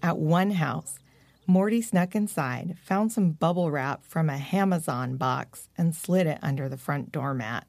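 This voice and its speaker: A woman narrating a children's storybook in a gentle, measured way. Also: low-pitched, gravelly, dry recording.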